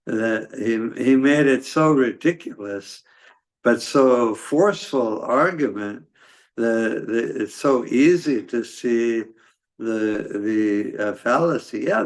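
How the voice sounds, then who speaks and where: A man giving a scripture class in a halting, conversational way, with many fillers and restarts. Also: mid-range voice. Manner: conversational storytelling. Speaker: class speaker.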